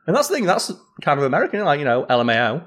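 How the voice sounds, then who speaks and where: A man's voice: fairly high pitch, wildly swooping pitch, rapid-fire, a bit bright. A man, co-hosting a casual podcast chat and explaining slang with playful acted examples. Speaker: podcast co-host.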